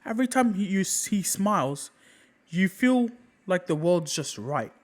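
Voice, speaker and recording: A man narrating an improvised fan story in a casual, halting way, often repeating his phrases. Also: high voice, sing-song, poor audio.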